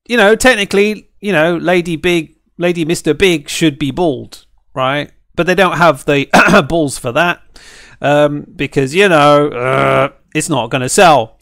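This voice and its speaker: Animated man ranting on stream. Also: on the high side, no echo, clean studio sound. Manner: animated, ranting, keeps asking "right?". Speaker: streamer and fighting game caster. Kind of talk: ranting reaction stream chat.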